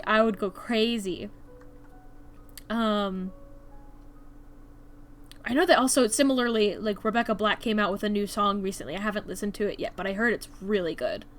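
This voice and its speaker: There's a little hiss or hum as a young woman with a mid-range voice talks at a moderate pace during her drawing stream. Chatty and rambling, she fills her speech with "like" and restarts, faint music playing behind.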